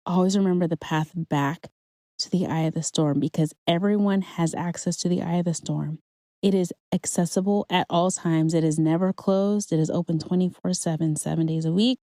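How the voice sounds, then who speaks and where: A woman's voice: fairly low pitch, steady tone, moderate pace, dark tone, no room sound. A woman hosting her own podcast, telling a personal faith story in an earnest, conversational way and encouraging her listeners. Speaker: podcast host. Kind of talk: personal testimony monologue.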